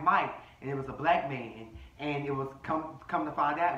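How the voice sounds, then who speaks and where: A man's voice: fairly high pitch, a bit bright, reverberant, recorded from a distance, rough recording. A man hosting a casual reality-TV recap, brash, profane and sassy as he reads the cast. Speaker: commentary host.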